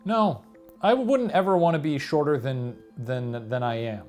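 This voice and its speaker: A man's voice: medium pitch, unhurried, a little mellow, soft background music. A man in his thirties co-hosting a show, reading viewer comments with dry, wry humor. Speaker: co-host.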